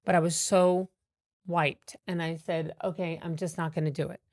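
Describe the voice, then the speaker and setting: A woman comedian telling animated stories with many fillers and restarts in a podcast interview. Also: lowish voice, normal speed, no room sound, studio quality. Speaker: comedian guest.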